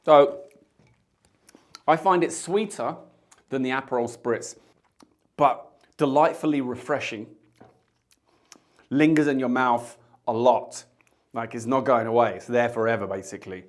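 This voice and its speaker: A man's voice: medium pitch, measured pace, pauses often. A man, a bartender, chatting casually to camera as he tastes cocktails, with jokey asides. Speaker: bartender host. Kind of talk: casual tasting chat to camera.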